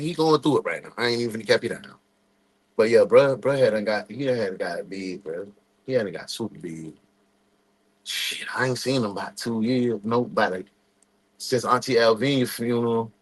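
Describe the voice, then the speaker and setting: A man, telling stories casually as a reaction streamer, animated and laughing. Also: fairly low pitch. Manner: animated, loud, laughing storyteller. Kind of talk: casual storytelling.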